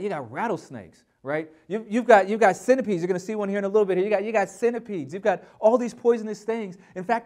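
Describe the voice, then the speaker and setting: A man preaching a Bible lesson in an energetic, emphatic way, often repeating words as he starts a phrase. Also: high-pitched. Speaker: pastor teaching a Bible lesson. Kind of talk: sermon.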